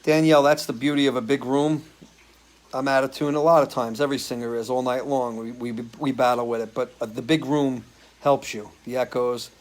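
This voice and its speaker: A man's voice: mid-range voice, fairly even intonation, brisk, rough recording. A man in casual chat reads out viewers' comments and answers them one by one. He talks loosely and easily, like a regular host, with an odd swear word thrown in. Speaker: singer hosting a live stream.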